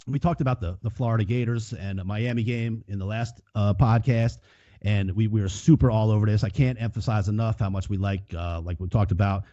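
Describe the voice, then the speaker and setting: A man's voice: fairly low pitch, mellow, no echo. A man co-hosting a sports betting podcast, rambling and profane with many restarts. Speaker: podcast co-host. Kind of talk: casual sports betting chat. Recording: dull lo-fi podcast audio.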